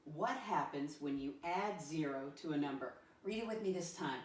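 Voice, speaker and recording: A woman teacher leading a first-grade math lesson, with a sing-song manner and slow letter-by-letter spelling. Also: sits low, lively intonation, far from the mic. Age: adult with a son. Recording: echoey room, voice off-mic.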